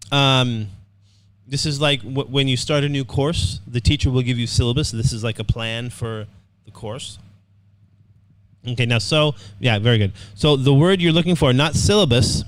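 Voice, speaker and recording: A man's voice: mid-range voice, normal speed, dry recording. A man teaching an online English writing class, upbeat, repeating words and often checking in with "okay".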